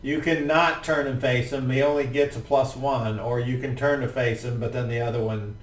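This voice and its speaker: A man's voice: mid-range voice, steady tone, moderate pace. A man running a tabletop game as game master, narrating attacks in a laid-back, profane, vivid way. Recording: roomy, distant mic with faint ambience.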